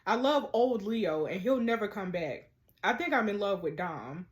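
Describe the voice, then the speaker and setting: A woman voicing a heartbroken young mother torn over her marriage, reading game dialogue aloud in a soft, low, subdued way. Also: lively intonation, normal speed, close to an everyday voice.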